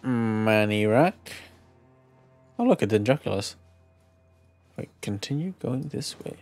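A man streaming a video game live, chatting casually, excitable and profane, with playful shouted exclamations. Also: on the low side, slow. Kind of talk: casual live gameplay commentary. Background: faint game music.

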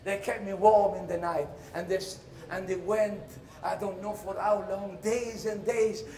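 Animated Italian-accented man telling a comic monologue. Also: measured pace. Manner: animated storyteller, bursts into high shouted cries, laughs through lines. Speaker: stage monologue performer. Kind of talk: comic theatre monologue in English. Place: theatre stage. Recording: roomy hall echo.

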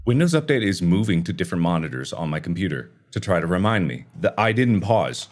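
A young man giving let's play commentary while he rages, swinging from low mutters to loud frustrated yelling. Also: sing-song, fairly quick. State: frustrated and raging. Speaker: gaming video creator.

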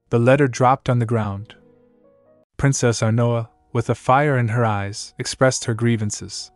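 Narrating the recap, a man reads in an even, measured way at a mid pitch. His voice is close and completely dry, with faint music playing underneath. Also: dry recording. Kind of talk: scripted story recap narration.

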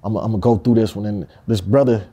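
Man from Compton, interview, dark mellow voice, blunt street slang, swearing freely. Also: on the low side, quick pace, breathy edge. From Compton, California. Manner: emphatic street slang with heavy profanity. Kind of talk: candid storytelling interview.

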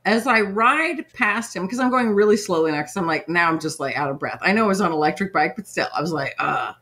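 A middle-aged woman host telling a story in casual chat, animated and laughing, with many fillers. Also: fairly low pitch, fast. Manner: animated, laughing, lots of "like" and "right?". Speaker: podcast host.

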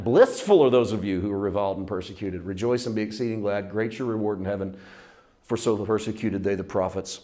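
A man preaching a sermon in a conversational, folksy way, building to loud, fervent passages. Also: on the low side. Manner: folksy, plain-spoken phrasing. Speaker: pastor.

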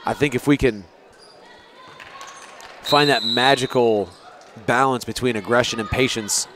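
A man's voice: medium pitch, a little slow. Man calling a basketball game. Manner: relaxed, chatty, with asides. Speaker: play-by-play commentator. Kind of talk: local sports commentary. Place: school gym. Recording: noisy gym ambience. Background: crowd and bouncing balls.

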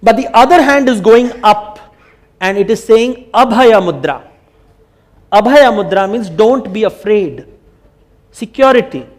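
A man with an Indian accent giving a conference talk, telling stories in an animated way and slipping Hindi phrases in. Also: sits high, measured pace, pauses often. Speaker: speaker. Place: conference hall.

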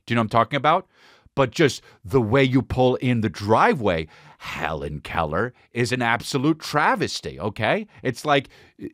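A man's voice: mid-range voice, fairly bright tone, dry recording, clean studio sound. A man hosting a podcast, telling a crude, rambling comedic story. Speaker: podcast host.

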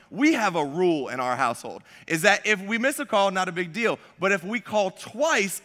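Young male pastor, high bright voice, casual self-deprecating storyteller, church hall reverb. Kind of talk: sermon. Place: church sanctuary.

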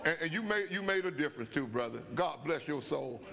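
An older man, a bishop and pastor, preaching at a Bible study and telling stories that climb into shouts, in a church sanctuary. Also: a little high, expressive, a little fast, vocal fry, a crowd in the background. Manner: storytelling preacher, rising to shouts. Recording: long church-hall reverb.

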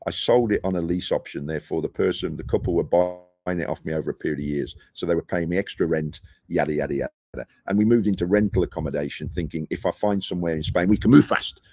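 A middle-aged man from the United Kingdom, a property investor being interviewed, tells lively anecdotes and acts out the dialogue, speaking from a rooftop terrace. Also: low voice, quick pace, husky, dry recording. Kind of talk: casual interview storytelling.

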